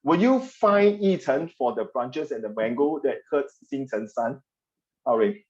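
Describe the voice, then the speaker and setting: Animated man teaching history online. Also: mid-range voice, a little slow, dull audio. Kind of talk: online class lecture.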